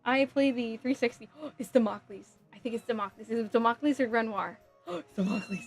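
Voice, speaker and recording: A woman with a slightly high voice chats casually on a live stream from home, giggling often and thinking out loud as she reads comments. Faint music plays quietly behind her. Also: a little fast. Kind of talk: casual live-stream chat, reading chat aloud.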